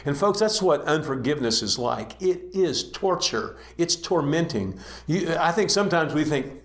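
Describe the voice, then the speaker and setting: A man's voice: on the high side, animated. Earnest man preaching in an echoing room. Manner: earnest, conversational, slows to exhort. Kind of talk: sermon. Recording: roomy echo.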